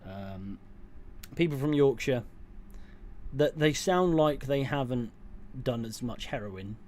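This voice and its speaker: A man with a mid-pitched voice chats casually on a livestream. He reads viewers' comments aloud and answers them in a dry, offhand way. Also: expressive, slow, darkish tone, a little hiss or hum. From England. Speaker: streamer reading chat.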